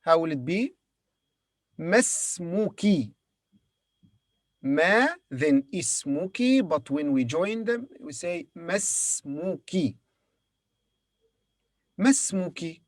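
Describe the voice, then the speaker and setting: A man's voice: fairly high pitch, expressive, slow pace, hardly any pauses, no echo, clean studio sound. A man teaching Arabic to beginners, patiently sounding out each word and repeating it for his learners. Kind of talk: beginner language lesson.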